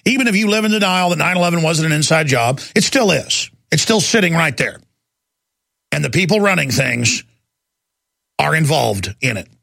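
A man's voice: fairly high pitch, animated, normal speed, creaky, bright, forceful tone. A man hosting a talk radio show, ranting emphatically and hammering key words over and over.

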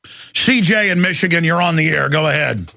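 A man hosting a talk radio show, ranting heatedly and shouting at times, then taking calls. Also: fairly high pitch, lively intonation, creaky. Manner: angry, shouting at times, fast bursts.

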